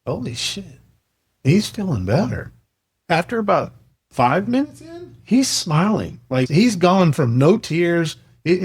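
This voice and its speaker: A middle-aged man on a podcast, earnestly telling a family story and acting out the dialogue. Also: on the high side. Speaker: podcast host sharing a coaching program. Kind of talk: casual podcast chat, storytelling.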